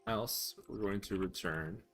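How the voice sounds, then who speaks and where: A young man chatting casually on a live stream while coding, telling stories with a self-amused, animated manner. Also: unhurried. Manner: animated, self-amused storyteller with laughs and squeaky pitch jumps. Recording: faint music behind.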